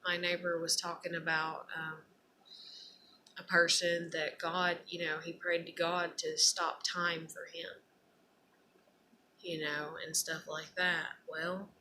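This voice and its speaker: A woman's voice: fairly low pitch, flat delivery, slow, noisy background. A woman giving an earnest, rambling personal talk in an unscripted monologue. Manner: earnest, rambling, turns loud and emotional when acting out despair.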